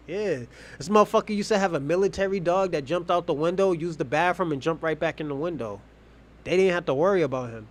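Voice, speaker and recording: A man's voice: a little high, animated, quick pace, a bit bright. A young man from the Boston area chatting casually on a livestream, rambling and profane, laughing often. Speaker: streamer host.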